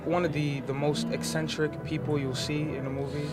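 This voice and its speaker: A man's voice: on the high side, level tone, normal speed, over loud music. A man from a film's cast who jokes around in a goofy, mock-serious way, stammering through his answers. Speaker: film cast member. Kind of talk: casual event interview. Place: outdoor red carpet premiere. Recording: loud crowd outdoors.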